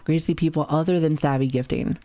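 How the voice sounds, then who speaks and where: A woman's voice: sits low, fairly even intonation, quick pace, mellow, dry recording, faint music behind. A woman in her thirties streaming live, talking casually to her chat with lots of swearing and joking. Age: 30s. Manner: profane, joking, chatty with frequent laughs.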